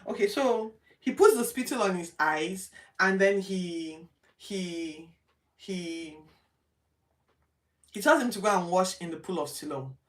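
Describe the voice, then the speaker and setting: A woman from Nigeria casually retelling Bible stories from her home study, acting out the characters' lines with lively jumps in her voice. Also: lowish voice, slow pace, recorded from a distance. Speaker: host of a Bible reading show. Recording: roomy, from off the mic.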